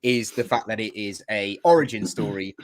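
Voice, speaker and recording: A man's voice: fairly low pitch, moderate pace, no echo. A man co-hosting a casual comic review show, playful and joking. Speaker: co-host.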